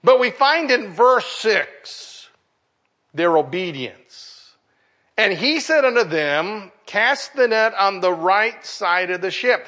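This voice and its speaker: A middle-aged man preaching a sermon, animated and acting out the voices of the people in his story. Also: sits high, slow pace. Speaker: pastor.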